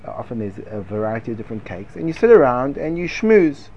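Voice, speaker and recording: A man teaching Torah in a lively, argumentative discussion, firing rhetorical questions and sprinkling Hebrew and Yiddish yeshiva terms into his speech. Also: medium pitch, fast, dull audio. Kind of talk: lively Talmudic-style discussion.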